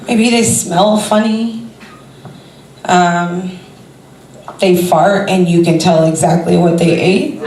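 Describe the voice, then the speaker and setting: A woman's voice: on the low side, fairly even intonation, takes it slowly, pauses often, a little mellow, a little hiss or hum. A woman doing a stand-up comedy set, talking in a rambling, conversational way with lots of fillers. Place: comedy club stage before a crowd. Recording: roomy club sound from a distance.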